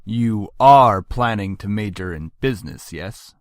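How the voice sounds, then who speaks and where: A man's voice: on the low side, animated, measured pace, dry recording, studio quality. A cold, commanding game father. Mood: stern. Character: stern controlling middle-aged father, company board member.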